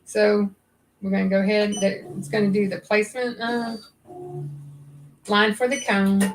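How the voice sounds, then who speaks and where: A woman's voice: mid-range voice, level tone, moderate pace, slight background noise, poor audio. A woman hosting a crafting livestream, chatting nervously and rambling as she thinks aloud. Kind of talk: casual livestream chat while sewing.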